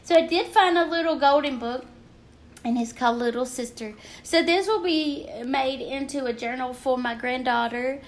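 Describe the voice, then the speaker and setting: There's slight background noise as an older Southern American woman hosts a casual craft livestream from her desk at home. She speaks at a moderate pace in a high-pitched voice, rambling chattily and naming viewers as she greets them.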